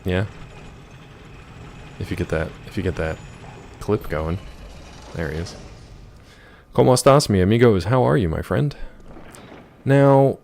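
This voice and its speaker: A hoarse man chatting casually and joking with viewers while he plays a video game. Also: deep voice, animated, unhurried, long pauses, warm tone, slight background noise. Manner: joking, rambling, chats with viewers. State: hoarse from yelling. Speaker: gaming streamer. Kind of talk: casual gameplay commentary.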